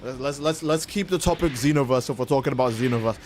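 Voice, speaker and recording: A man's voice: medium pitch, fast talker, darkish tone, slight background noise. A man livestreaming a game, chatting casually and playfully with his viewers in a rambling way. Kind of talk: casual livestream chat while gaming.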